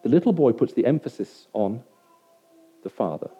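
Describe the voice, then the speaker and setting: A man's voice: mid-range voice, big pitch swings, moderate pace, husky. A man preaching to a hall audience, talking conversationally and often asking them whether it makes sense. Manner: conversational, keeps checking in with the audience. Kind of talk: sermon to a live audience. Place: hall with an audience of about a hundred. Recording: dull lo-fi recording.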